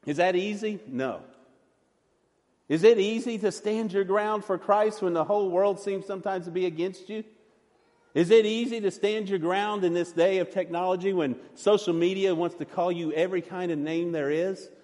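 A pastor preaching a sermon with earnest conviction, shifting between loud and soft. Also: male voice, sits high, moderate pace, long reverb tail.

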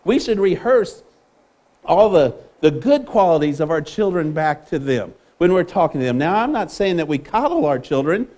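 Male preacher, high-pitched, earnest, restarts a lot. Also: sing-song, moderate pace, warm tone. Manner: earnest, with repeated words and restarts. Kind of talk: sermon.

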